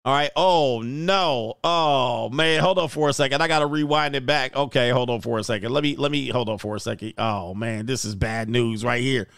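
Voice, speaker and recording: A man doing casual reaction commentary as a YouTube commentator, slangy and prone to loud exclamations. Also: mid-range voice, normal speed, creaky, hardly any pauses, clear, resonant tone, no room sound, clean studio sound.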